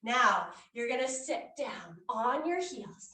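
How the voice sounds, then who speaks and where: A high-voiced woman guides a children's yoga class at an unhurried pace. She coaxes little ones along playfully. Her voice carries from a distance in an echoey room. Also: sing-song, bright, forceful tone. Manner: playful, coaxing, makes animal sounds. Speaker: kids yoga instructor. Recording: echoey room, mic far off.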